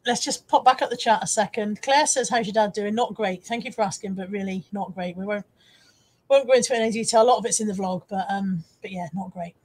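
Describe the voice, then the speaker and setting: The audio is poor, and her husky, mid-range voice moves fairly quickly. She's a live-stream host who resells on eBay, chatting casually, laughing a lot, and making fun of herself as she reads viewers' comments aloud.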